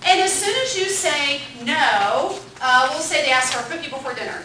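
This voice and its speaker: Brief: high-voiced woman instructor, bright tone, echoey room, distant mic. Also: animated, normal speed. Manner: upbeat, asks the group questions, repeats their answers. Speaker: parenting class instructor. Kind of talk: interactive classroom lecture.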